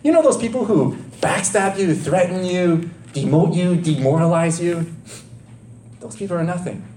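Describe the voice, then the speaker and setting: A man preaching a sermon in an animated, conversational way with many rhetorical questions. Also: high-pitched, moderate pace, roomy sound, a little hiss or hum.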